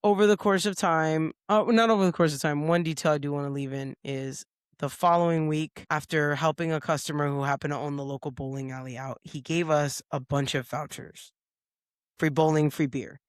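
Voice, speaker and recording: A woman's voice: deep voice, a little fast, smooth, dry recording. A woman co-hosting a podcast in a studio, telling a story in casual chat and acting out the lines of the people in it. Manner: lively storyteller who acts out quoted lines. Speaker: podcast co-host.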